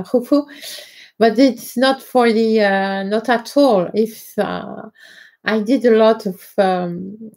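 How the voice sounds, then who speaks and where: A woman with a French accent hosting a live stream, talking in a halting way with many fillers and greeting viewers by name. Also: mid-range voice, a little mellow. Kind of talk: casual live-stream talk.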